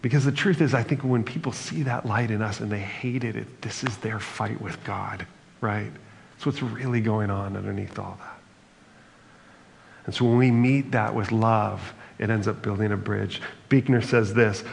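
A man's voice: fairly low pitch, steady tone, normal speed, creaky. A male pastor giving an earnest, reflective sermon, ending in prayer. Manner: earnest, reflective preaching with brief humor. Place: church sanctuary. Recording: church hall reverb, faint noise.

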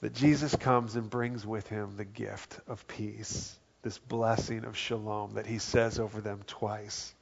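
A man preaching a sermon as pastor, earnest, dropping to a hushed voice for quoted lines. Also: lowish voice, level tone, measured pace, vocal fry, hardly any pauses, dull audio. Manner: earnest, drops to soft quiet tones for quoted words.

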